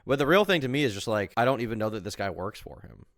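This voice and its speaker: A man with a fairly low voice talks quickly through live-stream reaction commentary. He rambles and argues, leaning on fillers, and the sound is dry and close. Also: sing-song, fairly bright tone, no room sound. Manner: rambling, filler-heavy, argumentative.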